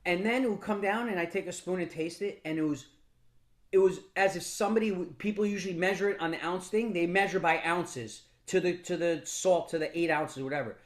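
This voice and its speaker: Brief: higher-pitched man, casual motivational mentor, blunt, swears a bit, stumbles and restarts often. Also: brisk. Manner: casual, blunt, with mild profanity; frequent restarts and repeated words. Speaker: business mentor speaking to a mastermind group. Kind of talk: motivational storytelling talk.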